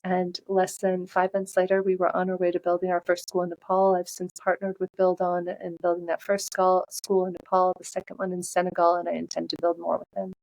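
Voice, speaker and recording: A woman's voice: fairly low pitch, monotone, fairly quick, gravelly, hardly any pauses, darkish tone, poor audio. A woman guest on a podcast, telling her story in an earnest, heartfelt way. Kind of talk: conversational storytelling.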